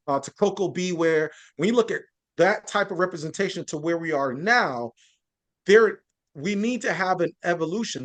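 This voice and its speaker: A man's voice: on the high side, fairly bright tone. A man speaking as a journalist guest in a podcast interview, earnest and building his points through lists and frequent restarts.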